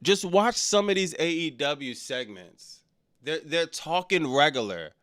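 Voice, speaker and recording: A man with a high, bright voice rants to his stream chat in loose slang. He sounds exasperated and mocking. His sound is smooth and clear. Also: lively intonation, measured pace. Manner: exasperated, slangy, mocks lines in exaggerated voices. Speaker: wrestling commentary streamer. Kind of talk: casual reaction stream.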